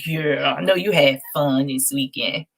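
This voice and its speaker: Chatty lady spilling family tea, low gravelly voice. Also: measured pace. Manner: chatty and animated, laughing often, dishing playful shade. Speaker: vlog host. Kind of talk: casual storytelling to viewers.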